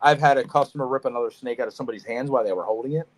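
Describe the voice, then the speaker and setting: A man co-hosting a casual podcast, telling animated stories about reptile shows, swearing freely and acting out what people said. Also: medium pitch, racing. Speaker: podcast co-host, snake breeder. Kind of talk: casual storytelling chat.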